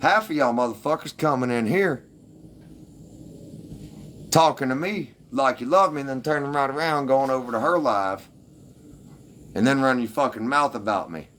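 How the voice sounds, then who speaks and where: A man's voice: medium pitch, moderate pace, long pauses, a bit bright, slight background noise. A man ranting defensively and with heavy profanity at his livestream commenters.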